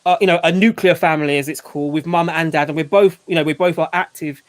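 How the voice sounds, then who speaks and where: A man's voice: on the high side, steady tone, quick pace. A man hosting a casual group video chat, talking in a rambling way with many restarts and "you know"s. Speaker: channel host and father.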